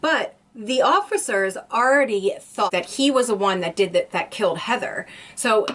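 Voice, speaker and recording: A woman's voice: mid-range voice, lively intonation, normal speed, a bit bright. Woman vlogger, conversational storyteller, loose and rambling, mid-range voice. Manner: rambling, restarts, frequent "like". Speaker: YouTuber. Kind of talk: casual true crime storytelling.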